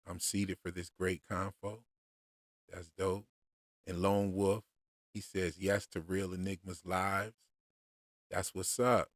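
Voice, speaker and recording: A man chatting casually on a livestream about show theories, relaxed and unhurried, with lots of fillers and restarts. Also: low voice, no room sound, clean studio sound. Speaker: streamer discussing show theories.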